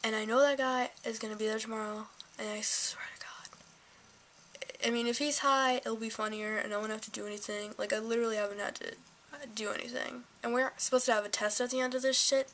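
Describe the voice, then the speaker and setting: A woman's voice: on the high side, steady tone, fast talker, a bit bright, slight background noise, low-quality recording. An eighteen-year-old woman vlogging, ranting sarcastically and swearing freely about her day. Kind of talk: casual ranting vlog.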